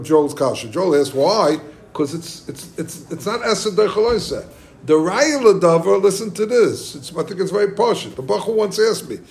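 Male Talmud teacher, high voice, excited lecture full of restarts. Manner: excited, many restarts, questions to listeners.

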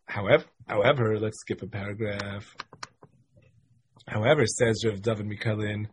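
A man with a lowish, steady voice teaches a Talmud class at normal speed, with a little hiss or hum in the recording. He reads passages from the text, translates them, and explains step by step using many repeated phrases.

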